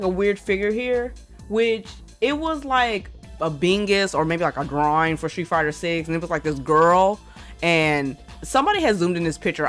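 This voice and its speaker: A woman YouTuber casually rambling through a game lore theory, hedging a lot and saying "like" and "I feel like" often. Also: medium pitch. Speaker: gaming YouTuber.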